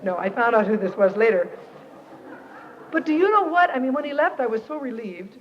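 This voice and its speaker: A woman giving a personal testimony to a Christian camp audience, expressive and animated, acting out the people in her story. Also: on the high side, fairly quick, slight background noise. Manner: animated, expressive, quotes herself and others. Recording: dull lo-fi archive tape, reverberant hall.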